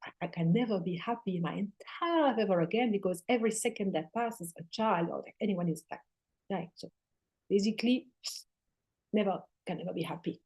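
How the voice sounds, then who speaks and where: Mellow-voiced woman giving spiritual talk. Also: medium pitch, brisk. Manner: swears casually, laughs, drops into soft near-whispers. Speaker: spiritual teacher and guest.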